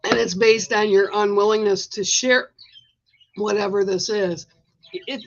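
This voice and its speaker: A woman giving a livestreamed oracle card reading with a gentle, reassuring manner, coughing now and then. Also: fairly high pitch, lo-fi sound, very noisy. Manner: gentle, reassuring, coaxing with "right?" and "okay?". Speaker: spiritual card reader.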